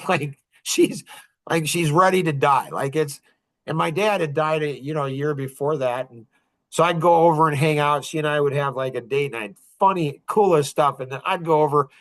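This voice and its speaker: A man's voice: fairly high pitch, moderate pace, a bit bright. A man in his fifties hosting a podcast, telling rambling stories in casual chat and chuckling often. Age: 50s. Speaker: podcast host.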